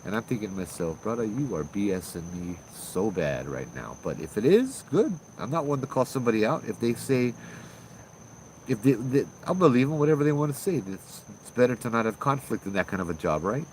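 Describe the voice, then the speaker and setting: A man's voice: medium pitch, very animated, a little fast, darkish tone, slight background noise, low-quality recording. A man, hosting a channel of ghost stories, tells a personal encounter in a chatty, casual way, acting out the dialogue. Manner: chatty, acts out dialogue with fillers and restarts. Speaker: ghost story host. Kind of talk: casual spoken storytelling.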